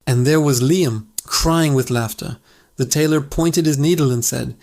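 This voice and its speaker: A man's voice: mid-range voice, a little slow, a little mellow. A man narrating a comedic fable in a playful, dramatic way with jokey asides. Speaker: storyteller.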